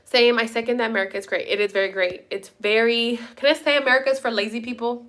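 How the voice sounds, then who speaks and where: A woman's voice: a little high, steady tone, fast, fairly bright tone. A young woman hosting a live stream, chatting casually and answering viewer comments in a blunt way, swearing freely and slipping into Spanish now and then. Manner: bilingual, slips into Spanish. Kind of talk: casual chat, reading viewer comments aloud.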